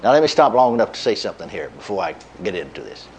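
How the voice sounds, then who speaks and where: A middle-aged man delivers a sermon quickly, spinning a folksy story full of chuckles and repeated words. His pitch is lively but sinks low at the end of each line, and there's slight noise in the background.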